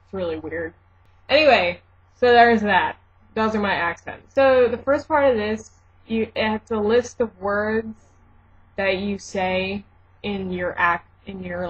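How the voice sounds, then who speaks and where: A woman's voice: mid-range voice, breathy edge. A young woman from Michigan with a mixed Midwestern and South Jersey accent, chatting casually in a vlog, rambling with fillers and self-corrections, then reading a word list. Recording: dull lo-fi home video audio.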